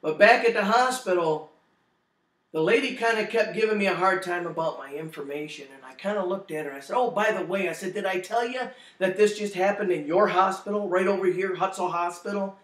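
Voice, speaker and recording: A middle-aged man giving a spoken testimony, telling his story in an animated way and acting out the quotes loudly. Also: high-pitched, fairly quick. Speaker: testimony speaker. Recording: echoey room, distant mic.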